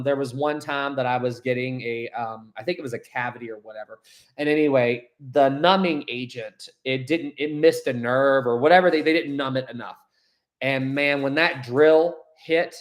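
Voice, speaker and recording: A young man hosting a casual live stream, reading viewer comments aloud and rambling chattily with frequent laughs. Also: mid-range voice.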